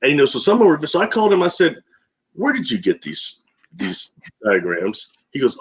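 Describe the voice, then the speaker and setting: A man's voice: mid-range voice, huge pitch swings, a little fast. Rambling, chuckling man telling stories. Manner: rambling, laughs often, acts out quoted voices. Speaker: guest. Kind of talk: casual storytelling on a radio talk show.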